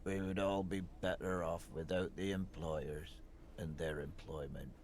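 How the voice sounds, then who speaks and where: A sleepy, surly dock worker. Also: male voice, deep voice, steady tone, unhurried, a little mellow, slight background noise. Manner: drowsy and evasive, curt answers.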